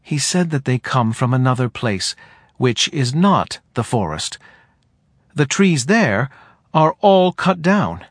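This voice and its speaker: Quiet hesitant male forest creature read by a man, slow and drowsy, lively rises and falls. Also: medium pitch, no room sound, clean studio sound. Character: small forest being, soft-spoken male leader. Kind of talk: audiobook character voice.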